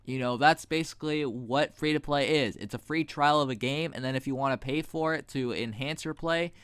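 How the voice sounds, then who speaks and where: A man's voice: mid-range voice, brisk, a bit bright, clear, resonant tone, no echo. A man giving blunt, rambling, sarcastic commentary while playing a game at his computer mic. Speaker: gaming video host. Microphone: desk mic while gaming.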